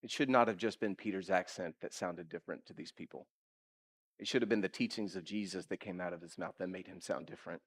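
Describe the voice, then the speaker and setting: A male pastor preaching a sermon in a lively, conversational way, asking his listeners direct questions and acting out quotes. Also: low-pitched, fast, slightly rough. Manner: animated preaching, acts out quotes.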